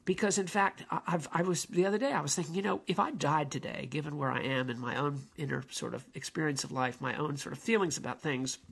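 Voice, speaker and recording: A man giving rambling, halting spoken commentary on songs, with many restarts and fillers. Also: on the high side, vocal fry, a bit bright, slightly rough.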